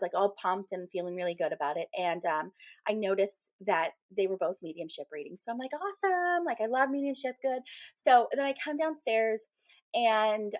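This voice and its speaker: A woman co-hosting a podcast as a medium, chatting casually and telling stories with lively acted-out quotes. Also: medium pitch, dry recording. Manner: animated storytelling, acts out quoted people. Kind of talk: casual chat.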